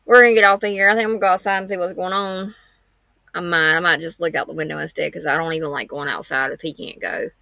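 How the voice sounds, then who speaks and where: Gravelly woman, rambling live chat. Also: lowish voice, fairly even intonation, quick pace, bright, forceful tone, no echo. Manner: rambling, frank, homespun. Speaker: true-crime livestream host. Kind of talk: casual livestream chat.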